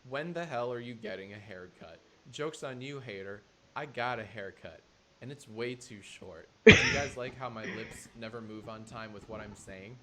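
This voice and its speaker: A man answering fan questions in a comedic video, sarcastic and exaggerated, breaking into laughing shouts. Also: on the low side, animated, normal speed.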